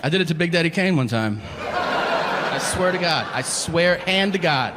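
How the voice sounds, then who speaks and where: A middle-aged man performs a brash, profane stand-up comedy set, his voice swinging widely in pitch. The live recording carries a long hall reverb. Noticeable room noise sits under his voice. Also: expressive, moderate pace, a loud crowd. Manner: brash, profane storytelling with big voiced bits. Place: comedy stage before a live audience.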